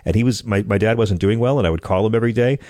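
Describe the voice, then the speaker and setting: Low-voiced wry radio host. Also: male voice, very fast, warm tone, no echo. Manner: wry, joke-telling, builds to punchlines. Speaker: radio talk show host. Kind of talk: comedic call-in radio talk.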